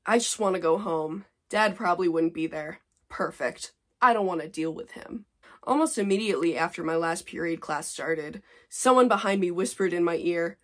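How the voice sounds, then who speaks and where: A woman's voice: mid-range voice, animated, moderate pace, a bit bright. A woman in her twenties reading her old fanfic aloud, with sarcastic, self-mocking commentary. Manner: sarcastic, exasperated, laughing at herself. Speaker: vlogger.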